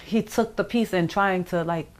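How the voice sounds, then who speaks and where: A middle-aged woman telling her own story in an interview, halting and pausing, acting out the voices of others as she goes. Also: medium pitch. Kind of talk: emotional personal account.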